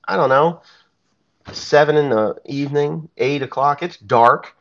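A farmer tells a story in a casual, blunt way and swears freely. His voice sits in a middle pitch range. The recording is slightly dull and lo-fi. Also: unhurried, a bit bright. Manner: blunt and profane, plain-spoken. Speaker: farmer telling a personal story.

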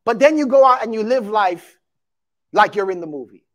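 A man preaching a sermon to his congregation, animated and emphatic, acting out quotes and calling out to the listeners. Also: high-pitched, moderate pace. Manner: addresses congregation as beloved and y'all.

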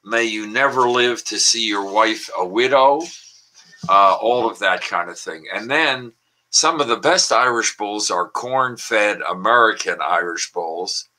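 Older man with a bright, forceful voice. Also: fairly low pitch, measured pace, poor audio. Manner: chatty, with frequent filler words and pun-laden asides. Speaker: language columnist and guest. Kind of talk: casual online wordplay talk.

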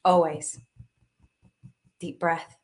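A woman guiding a live tapping and meditation session, speaking slowly and soothingly and sighing between cues. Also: lowish voice, flat delivery, darkish tone.

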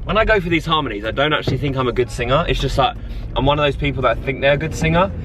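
A young man chatting excitedly to camera in a casual vlog, self-mocking and talkative. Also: mid-range voice, rapid-fire, noisy background. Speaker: vlogger. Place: in a car and out and about.

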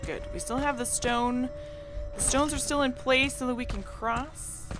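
A woman's voice: sits high, unhurried. A woman hosting a let's play, chatting playfully and casually as she plays and now and then breaking into song. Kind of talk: casual gameplay commentary. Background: game music.

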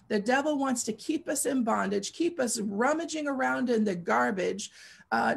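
A woman with a high, heavily gravelly voice preaches through a personal testimony. Her husky delivery is earnest and repetitive, and she presses her points with fervent pleading. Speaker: guest speaker.

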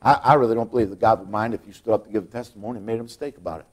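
In a church auditorium, a pastor preaches a folksy, repetitive sermon at a very fast pace. He often restarts his words, and his voice rises high and loud whenever he makes a point.

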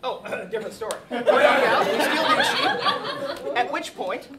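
A man spins a mock-heroic comic tale at a medieval reenactment feast. His voice runs high and swings widely. He sounds distant from the mic, and a loud crowd fills in behind him. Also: normal speed, very noisy. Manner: animated, laughing, mock-heroic. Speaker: bard telling a tale at a feast. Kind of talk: comic oral storytelling to a live audience. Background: audience laughter and chatter.

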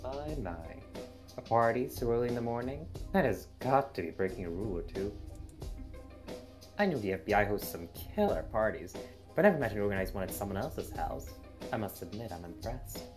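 A man voicing a calm, condescending Siamese cat woman in a fan reading of a visual novel. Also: lowish voice, brisk, over music. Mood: mocking. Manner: teasing, smug, sarcastic.

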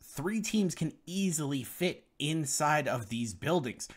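A man's voice: fairly high pitch, lively intonation, takes it slowly, husky. A young man commentating over gameplay footage, explaining strategy to viewers in a guide. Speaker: gaming guide creator.

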